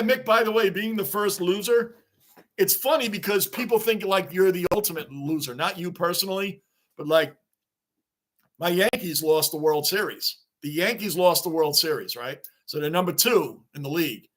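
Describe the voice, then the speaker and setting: A man hosting a live sports reaction stream, excitable and rambling as he answers viewers' chat. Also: sits high. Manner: excitable, talks back to chat comments, rambling.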